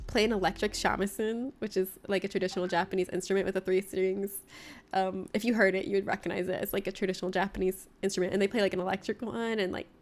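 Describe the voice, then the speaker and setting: A woman from Florida chatting casually with her viewers during a livestream, telling stories and laughing often. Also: medium pitch. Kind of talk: casual chat with viewers during a game stream.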